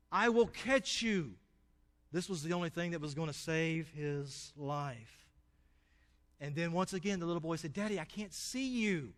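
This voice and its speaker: This is a man's voice, high-pitched and a little bright, belonging to a pastor preaching a sermon. Speaking in a church sanctuary, he weaves stories and asks the congregation questions, all wrapped in the long echo of the hall.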